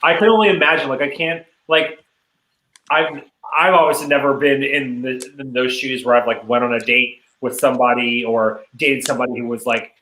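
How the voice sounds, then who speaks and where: A man's voice: mid-range voice, steady tone, moderate pace, bright, forceful tone. A man co-hosting a podcast over a video call, chatting in a casual, agreeable way. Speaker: co-host. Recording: echoey room with faint noise.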